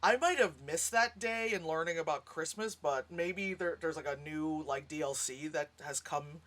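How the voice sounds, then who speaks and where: A woman's voice: low voice, moderate pace. A woman giving a casual, frank movie reaction, laughing often and acting out sounds as she talks. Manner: animated, laughs often, acts out sounds and lines. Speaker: movie reviewer.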